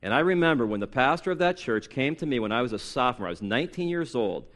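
A man's voice: animated, quick pace, fairly bright tone. A man in his late forties preaching a sermon as pastor, emphatic, with sarcastic mimicked excuses and rising force on key points. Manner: emphatic, rises in pitch and volume for punchy lines.

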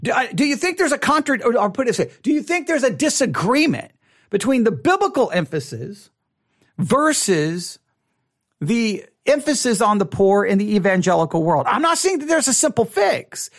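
A man leading a conversational Bible study, halting and restarting, asking rhetorical questions. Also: extremely high pitch, sing-song.

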